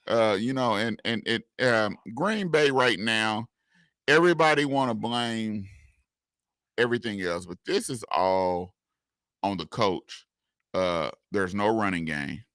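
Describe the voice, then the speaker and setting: A man co-hosting a sports talk radio show, talking casually and excitedly, often repeating words. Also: fairly low pitch, unhurried, dry recording. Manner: animated, laughing, repeats words, southern US slang.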